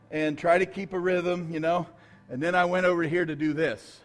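A middle-aged male pastor telling a self-deprecating story in a sermon, dropping to quiet asides and rising to shouts. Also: a little high, steady tone, normal speed, faint music behind. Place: church.

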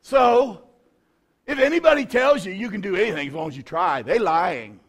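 A middle-aged male pastor telling a self-deprecating story in a sermon, dropping to quiet asides and rising to shouts. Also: high-pitched, lively intonation, normal speed. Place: church.

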